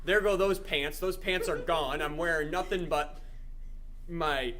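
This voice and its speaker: A man co-hosting a casual chat show, telling a story about himself in a relaxed, self-mocking way. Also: a little high, a little slow. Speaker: podcast co-host.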